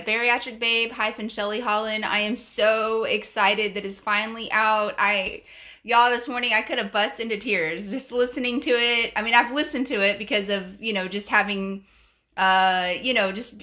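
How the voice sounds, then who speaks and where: A woman's voice: mid-range voice, fairly even intonation, normal speed, sharp tone. A woman hosting a casual live stream, greeting viewers and reading their comments aloud in a bubbly, gushing way that often repeats itself. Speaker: live stream and podcast host.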